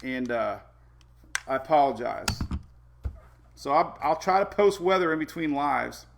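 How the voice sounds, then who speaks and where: A man's voice: mid-range voice, measured pace, creaky. A man hosting a casual weather live stream, chatty, laughing often and talking to his dogs between updates.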